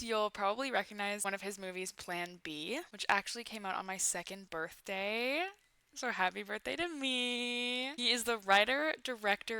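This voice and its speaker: A woman's voice: mid-range voice, bright, forceful tone, smooth, dry recording. A woman in her twenties hosting a casual comedy commentary about a bad movie, full of sarcastic, playful asides. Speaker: YouTube commentary host.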